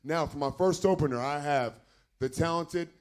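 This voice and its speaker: A man's voice: a little high, moderate pace. A man hosting a live comedy show, with loose, self-joking patter between thank-yous. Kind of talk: casual stage hosting.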